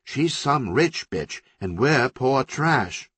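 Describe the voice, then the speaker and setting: A man's voice: mid-range voice, sing-song, slow, a bit bright, slightly rough, no room sound, voice pushed up, exaggerated voice. A male audiobook narrator voicing a blunt, street-smart young woman who speaks in clipped, urgent commands.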